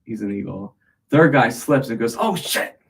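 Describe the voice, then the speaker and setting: Tired man, livestream host, casual joke telling, rambling, mid pitch. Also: moderate pace, creaky, low-quality recording. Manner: rambling, with many fillers and restarts.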